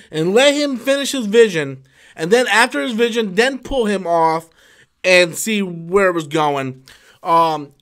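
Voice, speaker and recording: A man's voice: very high-pitched, fairly bright tone. A man hosting a casual live stream, ranting in a heated, profane way with lots of swearing and loose, restarting speech. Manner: many fillers and restarts, loose talk.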